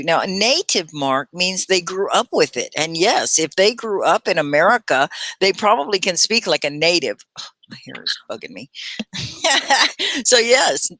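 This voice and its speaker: A middle-aged woman from Texas hosting a live online English lesson, chatty and clearly articulated, greeting viewers by name. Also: low-pitched, pushed and bright, dry recording. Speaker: English teacher and livestream host.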